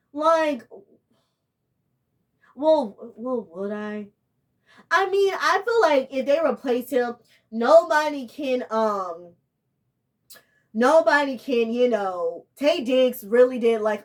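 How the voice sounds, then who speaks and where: A young woman, giving a casual, rambling and exasperated review of a TV show. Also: fairly high pitch.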